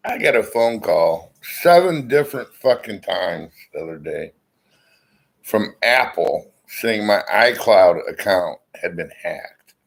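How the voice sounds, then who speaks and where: A man's voice: fairly low pitch, lively intonation, slow pace, creaky, rough recording. A middle-aged man chatting casually to his viewers from his armchair through a laptop mic, rambling and blunt, with frequent swearing. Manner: rambling, profane, blunt storyteller. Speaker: vlogger. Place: at home, seated in an armchair. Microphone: laptop built-in mic.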